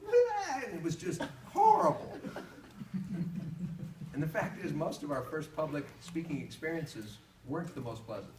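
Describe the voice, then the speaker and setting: A man tells funny stories in a motivational talk and slips into different voices as he goes. His voice sits a little high. He is recorded from far off in an echoey hall, with clear noise in the background. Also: moderate pace. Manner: animated storytelling, acts out voices. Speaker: public speaker.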